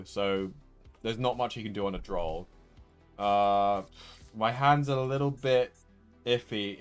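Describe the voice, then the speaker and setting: Frustrated young man streaming a card game. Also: mid-range voice. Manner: frustrated, repeats himself, self-critical. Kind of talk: live gameplay commentary.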